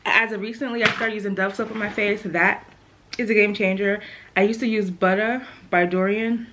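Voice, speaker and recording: A woman's voice: mid-range voice, fairly even intonation, moderate pace, a bit bright, a little hiss or hum. Young woman chatting to camera, kinda out of breath, lots of ums and side stories. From Jamaican family. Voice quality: chatty, lots of fillers and asides. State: a little out of breath. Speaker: vlogger. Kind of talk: casual chat to camera.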